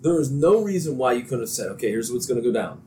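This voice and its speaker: A man from Central Ohio hosting a casual wrestling podcast, animated with quick asides and frequent laughs. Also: medium pitch, a little hiss or hum. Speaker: podcast host.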